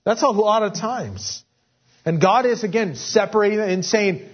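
A man preaching a Bible-teaching sermon, with many fillers and restarts, whose voice rises and grows forceful when he voices God's words. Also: sits high, moderate pace. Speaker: pastor. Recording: dull lo-fi audio.

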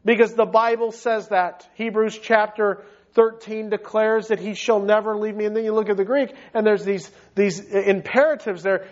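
A male pastor preaching a sermon emphatically, rising to loud high peaks and dropping low and quiet. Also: moderate pace, muffled recording.

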